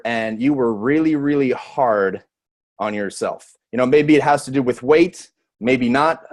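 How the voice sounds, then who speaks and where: A middle-aged man from Montreal with a French Canadian accent hosts a presentation call in a friendly, chatty way, often pausing on "uh." His voice sits at an ordinary middle pitch. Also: a little mellow. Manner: friendly and chatty, with frequent uh fillers. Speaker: host of a product presentation call. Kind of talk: phone presentation.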